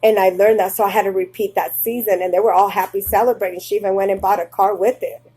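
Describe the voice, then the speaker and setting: Mellow-voiced woman reading scripture. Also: mid-range voice, fairly even intonation, fast, husky, poor audio. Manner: reads archaic verses then breaks into plain personal asides. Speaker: Bible teacher.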